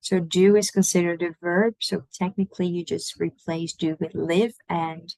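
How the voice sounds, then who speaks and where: A Dutch-speaking woman teaching an online language lesson in English, saying Dutch words slowly and repeating them for learners. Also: lowish voice, level tone, gravelly, a little mellow, no echo, poor audio.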